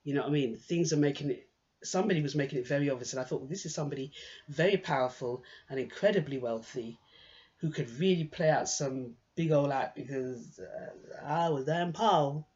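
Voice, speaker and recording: A woman's voice: sits low, brisk, a little mellow. A woman talks through an unscripted monologue from a swivel chair, rambling and candid and often restarting her sentences. The recording is dull and lo-fi. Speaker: monologue performer. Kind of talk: improvised personal monologue. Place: indoors, sitting on a swivel chair.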